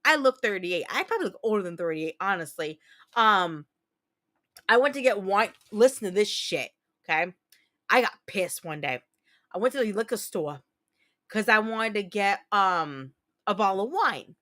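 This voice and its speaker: With a pushed, bright, mid-range voice and lively intonation, a livestream host in her thirties talks at a moderate pace. She swears freely and speaks candidly while telling stories and responding to viewers.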